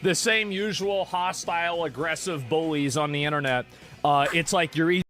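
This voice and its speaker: A man with a slightly raised pitch, commenting in a dismissive, offhand way and tripping over his own restarts. Faint music plays under his clip. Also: normal speed, a bit bright. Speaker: streamer in a played clip. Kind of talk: casual stream commentary.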